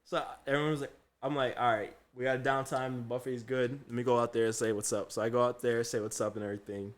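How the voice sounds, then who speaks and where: Talking fast in a mid-range voice, a young chef and podcast co-host tells a story during casual chat. He animatedly performs the voices of those he quotes and laughs a great deal.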